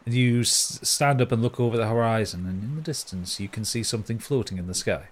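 A man narrating a tabletop game as game master, relaxed, with many ums as he describes the scene. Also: medium pitch, brisk.

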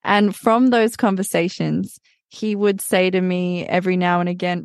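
A woman's voice: lowish voice, level tone, normal speed, dry recording. Reflective woman podcast guest, dry sound. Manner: reflective, warm storytelling. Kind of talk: casual interview chat.

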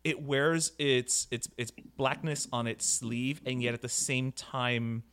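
A man's voice: medium pitch, fairly even intonation, slow pace, a bit bright, smooth. A man hosting a podcast in a casual, rambling way, with many restarts and you-knows. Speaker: podcast host.

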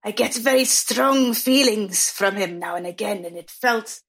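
Hesitant, husky woman player. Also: medium pitch, measured pace, a bit bright. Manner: hesitant, faltering. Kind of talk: in-character tabletop play.

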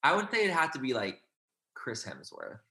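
A young man as an interview guest, chatting casually and gushing in animated asides. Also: medium pitch, moderate pace.

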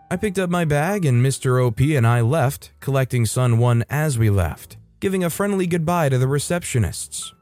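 A man hosting a podcast, reading a first-person story aloud in a steady narration and voicing the quoted characters in his own voice. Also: mid-range voice, normal speed, few pauses, faint music behind. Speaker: podcast host reading stories. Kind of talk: scripted narration.

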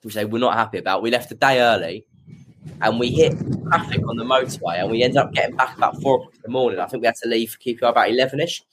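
A man's voice: mid-range voice, rapid-fire, a bit bright, slight background noise. A young man telling a rambling anecdote in a casual chat. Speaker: guest football fan. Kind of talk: casual storytelling.

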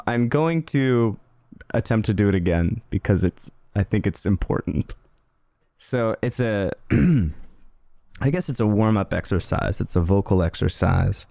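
Low, smooth-voiced profane podcast host man. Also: moderate pace, mellow, no echo, clean studio sound. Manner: playful, profane, rambling with restarts. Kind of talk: casual podcast intro. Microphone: studio microphone.

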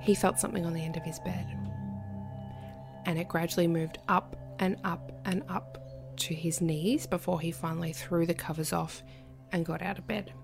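Woman, creaky gravelly voice, casual storytelling, faint music underneath. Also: lowish voice, normal speed. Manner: animated, drops to whispers for creepy parts. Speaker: podcast guest.

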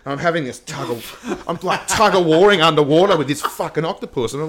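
A man's voice: a little high, expressive, quick pace, a bit bright. Man telling a swear-laden story. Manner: swears often, laughs through his stories. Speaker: podcast co-host. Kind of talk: casual chat, storytelling.

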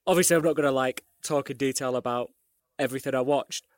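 A man co-hosting a casual film podcast, chatty and quick to laugh. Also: mid-range voice, dry recording, clean studio sound. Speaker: podcast co-host.

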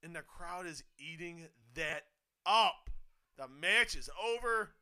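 A man giving excited live wrestling commentary, swinging from hushed muttering to sudden shouts, swearing and laughing often. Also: on the high side, takes it slowly. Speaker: co-host of a wrestling watch-along.

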